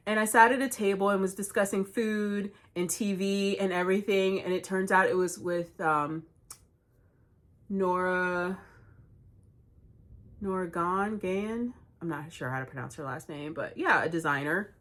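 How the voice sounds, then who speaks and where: Woman, casual storytelling, animated, laughs a lot, knitting host. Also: mid-range voice, a little slow. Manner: chatty, animated, laughs often.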